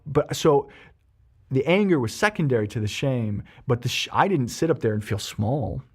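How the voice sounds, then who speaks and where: A man, a therapist, explaining emotions on a podcast and telling a personal story, animated and full of ums and restarts. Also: mid-range voice, normal speed, husky.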